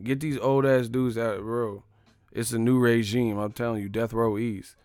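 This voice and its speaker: A man's voice: medium pitch, fairly even intonation, normal speed, darkish tone, clean tone, no room sound, clean studio sound. A man hosting a live stream, riffing on chat with profane, laughing commentary.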